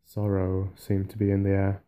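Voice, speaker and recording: A man reading an audiobook softly for sleep, in a calm, even way. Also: low-pitched, normal speed. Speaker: audiobook narrator.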